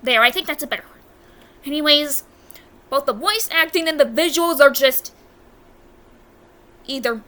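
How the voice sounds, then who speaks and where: A woman's voice: sits high, lively intonation, takes it slowly, pauses often, pushed and bright. A young American woman doing casual ranking commentary on a video, blunt and exasperated, often stopping to correct her own words. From United States. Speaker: video reviewer.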